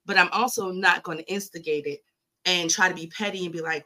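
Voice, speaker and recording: A woman's voice: fairly low pitch, moderate pace, pushed and bright. A woman on a podcast in casual chat, earnestly giving relationship advice. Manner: earnest, advising, calls others boo. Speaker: podcast co-host.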